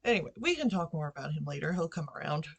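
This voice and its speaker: A woman's voice: sits low, very animated, quick pace, gravelly, slightly rough. A woman vlogging from her bedroom into a computer microphone, telling a story casually with lots of fillers and side remarks. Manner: rambling, chatty, with asides and fillers. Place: bedroom at home.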